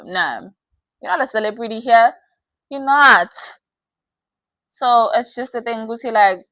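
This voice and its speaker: A young woman hosts a casual advice chat, candid and animated, laughing often. Her voice is bright and forward, recorded dry and close with no room sound. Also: medium pitch, no room sound, poor audio. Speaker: podcast host.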